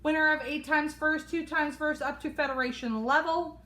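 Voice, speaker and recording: A woman co-hosting a live pigeon auction, briskly listing each bird's pedigree. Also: high-pitched, steady tone, pushed and bright. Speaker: auction co-host.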